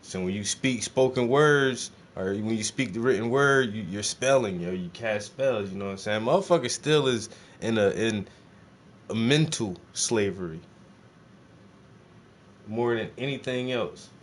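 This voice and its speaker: A man streaming live while he paints, chatting casually to his viewers in a blunt, animated way, swearing freely and firing off rhetorical questions. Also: fairly low pitch, unhurried, a little hiss or hum.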